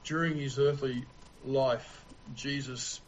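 A man preaching a sermon in a slow, deliberate way with long pauses. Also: mid-range voice, fairly even intonation, a little hiss or hum, rough recording.

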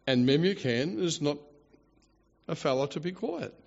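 A man preaching a sermon, animated and theatrical, with mocking asides. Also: on the high side, unhurried, creaky, big-room sound. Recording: dull lo-fi recording.

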